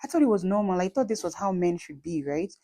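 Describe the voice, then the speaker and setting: Nigerian woman, late 30s, low mellow voice, chatty emphatic vlogger. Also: expressive, quick pace. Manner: chatty and emphatic, with repeats and asides. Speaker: vlogger and mother. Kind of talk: casual talk to camera.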